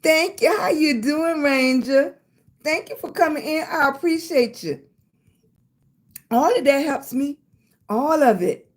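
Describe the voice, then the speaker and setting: Pausing often and speaking a little slowly, a livestream host with a high, expressive voice chats in a relaxed way. She's an older woman with a Southern US accent who thanks each viewer by name, using endearments like sweetie and baby.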